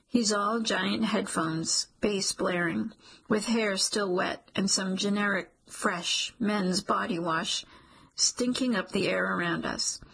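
A woman narrates a first-person story in a husky, gravelly voice. Her delivery is dry and wry, with asides she drops to a whisper. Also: medium pitch, slow, fairly bright tone, poor audio.

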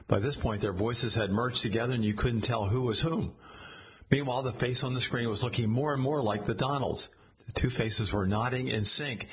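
A man's voice: mid-range voice, moderate pace, fairly bright tone, slightly rough. A man narrating a satirical story in a sardonic, mocking way.

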